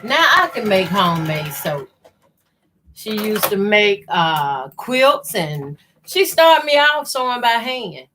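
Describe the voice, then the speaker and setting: A woman's voice: medium pitch, big pitch swings, takes it slowly, bright, forceful tone, slight background noise. A middle-aged woman with a Southern country accent, chatting folksily on a live sewing stream and greeting viewers by name. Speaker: sewing channel host. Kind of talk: casual live-stream chat while sewing.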